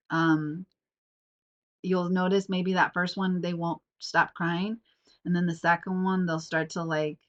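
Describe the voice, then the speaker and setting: Rambling young woman host, stuffy nose, slightly low voice, dull lo-fi recording. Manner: rambling, chatty, many fillers and restarts. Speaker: podcast host. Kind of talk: casual solo podcast. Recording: dull lo-fi sound.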